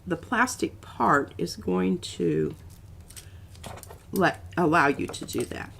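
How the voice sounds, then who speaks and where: A woman's voice: low voice, wildly swooping pitch, slow pace, vocal fry, a bit bright, a little hiss or hum. A woman hosting a casual craft demo, chatty and rambling, with an occasional cough. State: coughing now and then. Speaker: art stream host.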